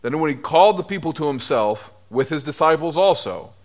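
Lively, expressive man preaching a sermon. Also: brisk. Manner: lively storytelling, acting out voices with big pitch swings. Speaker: priest.

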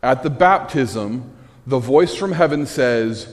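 A man preaching a conversational sermon, telling the story with animated energy and wry asides. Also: mid-range voice, slow pace. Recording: echoey hall.

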